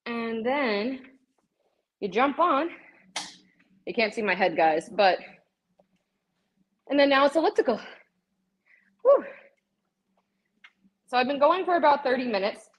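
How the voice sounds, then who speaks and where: A fairly high-voiced woman runs a live shopping stream while working out in her home gym. She is winded and huffing between phrases, yet keeps chatting casually to her viewers. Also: animated, slow, long pauses, muffled recording. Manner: chatty, talks straight to viewers as "guys". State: out of breath from cardio. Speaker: livestream host showing fitness products.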